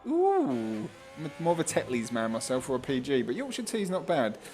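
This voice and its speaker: A man's voice: medium pitch, wildly swooping pitch, moderate pace, a little mellow, slight background noise. A man commentating a sim race on a live stream, chatty and laughing often as he reads out viewer comments.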